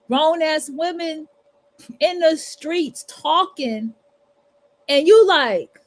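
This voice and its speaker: A woman talks straight at her listeners in a loose livestream monologue. Her voice sits high, and her delivery is blunt, profane and preachy. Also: animated, slow pace. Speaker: livestream host. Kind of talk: casual monologue.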